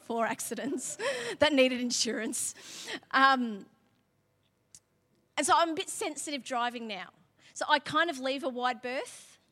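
Aussie woman pastor preaching, high bright voice, chatty then fired up, big echoey hall. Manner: conversational, laughing asides, building to emphatic preaching. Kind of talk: sermon with personal story. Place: church hall. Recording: long hall reverb.

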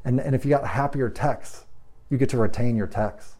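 A man's voice: medium pitch, normal speed, warm tone. A man coaching automotive service managers, talking emphatically with rhetorical questions and acting out bits of dialogue. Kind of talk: training talk to shop managers.

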